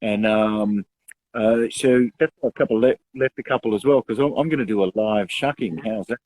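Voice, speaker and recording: A young man co-hosting a casual live show, chatty and quick to laugh, calling his partner mate. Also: lowish voice, darkish tone, poor audio. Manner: chatty, laughs often, says mate a lot. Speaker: co-host.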